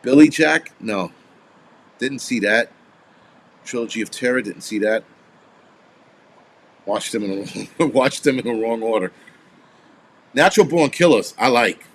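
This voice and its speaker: A man's voice: mid-range voice, lively intonation, measured pace, pauses often, a little hiss or hum. A man in his forties hosting a casual live stream, rambling and swearing as he answers viewers. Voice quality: profane, rambling. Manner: answers viewer comments offhand.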